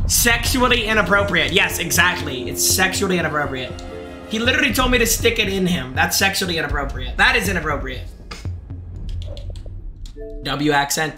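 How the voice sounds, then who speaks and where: A young male streamer with a high, piercing, tense voice, reacting to his game in bursts of excitement. He talks straight to his chat and often shouts. Faint music plays behind him. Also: fairly quick. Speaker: gaming streamer. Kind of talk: live game commentary.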